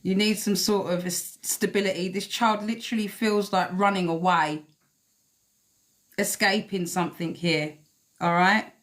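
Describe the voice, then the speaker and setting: A woman's voice: mid-range voice, fairly even intonation, a little slow, fairly bright tone. A woman giving a blunt, emphatic live tarot reading, swearing freely as she talks to viewers. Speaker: tarot reader.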